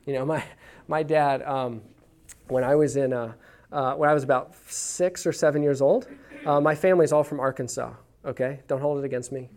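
This Texas man leads a church class on parenting, telling stories in a folksy, sincere way and frequently starting over mid-thought. He has a medium-pitched, darkish voice held at a steady tone, at a moderate pace. It's conversational teaching mixed with anecdotes.

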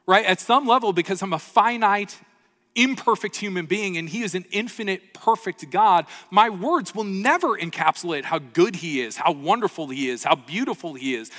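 Bright-voiced pastor in reverberant hall. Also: male voice, sits high, expressive, moderate pace. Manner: earnest, storytelling with rhetorical "right?" checks. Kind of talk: sermon. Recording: long reverb of a large hall.

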